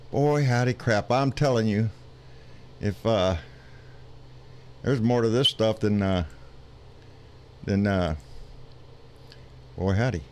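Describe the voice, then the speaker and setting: A man's voice: medium pitch, a little hiss or hum. A man with a Texan accent hosting a live political stream, folksy and rambling, swearing often with lots of fillers.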